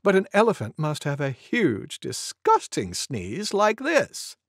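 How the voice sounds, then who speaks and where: A man's voice: a little high, wildly swooping pitch, slow pace, no echo, studio quality, exaggerated voice. A man voicing a prim, fussy deer in a storybook reading. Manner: prim, sniffy.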